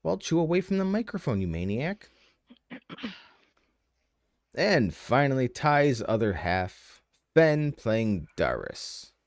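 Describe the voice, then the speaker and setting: A man's voice: mid-range voice, very animated, slow pace, pauses often, no room sound, clean studio sound. A man acting as game master on a casual streamed tabletop session, chatty and rambling, teasing his players, speaking into a headset.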